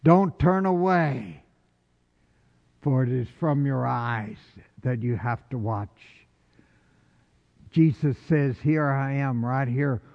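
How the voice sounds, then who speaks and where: A man preaching a sermon with passion, rising to loud calls and dropping to hushed lines. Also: mid-range voice, takes it slowly, vocal fry, long pauses. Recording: dull lo-fi recording with long hall reverb.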